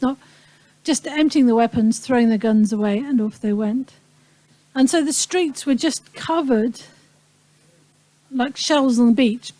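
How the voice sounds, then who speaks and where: A woman in her fifties from the Falkland Islands, telling a live audience about her wartime childhood in a reflective, pausing way with touches of humor. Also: on the high side, warm tone, no echo, low-quality recording. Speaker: speaker recounting a wartime childhood. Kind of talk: personal talk to an audience.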